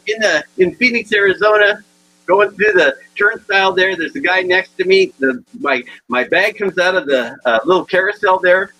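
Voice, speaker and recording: A man in his sixties giving a humorous motivational talk, animated and acting out the people in his stories. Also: high voice, breathy edge, rough recording. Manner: animated storyteller acting out dialogue. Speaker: keynote speaker.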